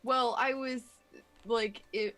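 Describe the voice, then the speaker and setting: A woman's voice: a little high, fairly even intonation, takes it slowly, over loud music. A woman playing in a tabletop game, talking hesitantly with fillers in casual chat over an online voice call. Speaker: player.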